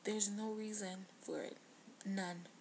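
A woman in her twenties speaks heartfelt words into her video diary. Her voice carries a steady gravelly fry and sits at an ordinary pitch. Now and then it sinks to a near-hush. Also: slow pace, a little hiss or hum. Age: 20s. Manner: earnest, heartfelt, drops to a hush at times. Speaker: vlogger.

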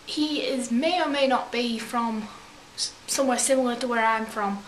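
At a moderate pace and with a slightly high voice, a young woman vlogger tells chatty, wandering stories in a put-on English accent, frequently correcting herself. It's casual storytelling recorded in an echoey room with a faint hiss.

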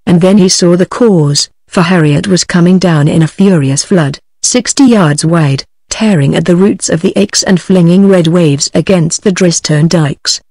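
Computer-voiced British woman, audiobook narration, even machine reading, dry close sound. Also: on the low side, measured pace, few pauses, no echo. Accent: British English. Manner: even synthetic text-to-speech reading.

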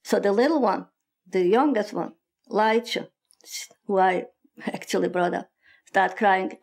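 A woman's voice: mid-range voice, darkish tone. Older woman. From Poland. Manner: halting, plain storytelling with quoted dialogue. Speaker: interviewee. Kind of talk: personal testimony.

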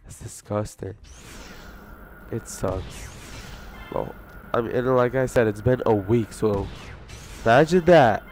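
A man's voice: mid-range voice, animated, slow pace, long pauses, darkish tone, a little hiss or hum. Young man swearing over a hard game. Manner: frustrated, swearing, sudden yelps. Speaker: gamer. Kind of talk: gameplay commentary.

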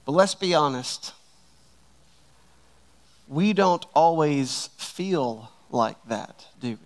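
A man preaching a sermon to his church, slow and emphatic, stretching out key words. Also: fairly high pitch, expressive. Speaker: pastor.

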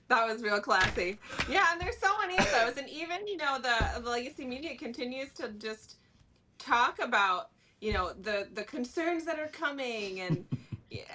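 Bright-voiced woman guest commentator. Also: high-pitched, animated, slight background noise. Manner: measured, with many fillers. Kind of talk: political talk show commentary.

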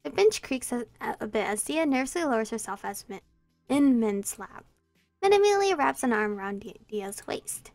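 A young woman playfully reading a visual novel aloud as a streamer, giggling and breaking into loud outbursts. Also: fairly high pitch, animated, normal speed, no room sound, soft background music. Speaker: let's play streamer.

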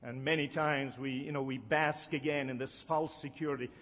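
A middle-aged man delivers a sermon with emphatic weight and slows right down on the lines he wants to land. His voice rings with a long reverb, as if he is in a big hall. The sound is a little dull and muffled. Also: mid-range voice, fairly even intonation. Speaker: preacher.

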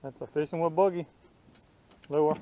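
A man's voice: on the high side, fairly even intonation, moderate pace, dull audio. A man hosting a fishing vlog outdoors from a boat on a lake, chatting easily and coaching the boys. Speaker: fishing vlogger and host. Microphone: action camera.

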